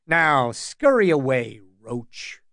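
A man's voice: medium pitch, very animated, takes it slowly, a bit bright, dry recording, studio quality, heavily acted. A man voicing a cold, commanding older lord with an icy, contemptuous manner in an audiobook.

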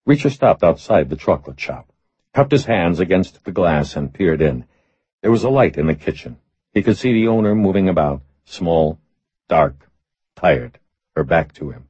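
A man narrating an audiobook in a measured, steady reading voice. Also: low voice, slightly rough, no echo. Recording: slightly muffled recording.

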